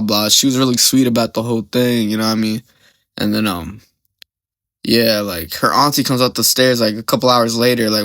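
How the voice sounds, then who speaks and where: A man's voice: fairly low pitch, fairly bright tone, no echo. A young man hosting a podcast, telling a story in a rambling, slang-heavy way and often getting sidetracked. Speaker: podcast host.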